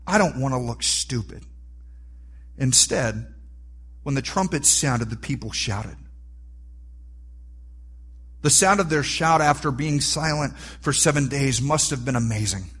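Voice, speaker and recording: A man preaching a sermon, animated and rising to near-shouts for emphasis. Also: mid-range voice, unhurried, pauses often, breathy edge. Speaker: pastor.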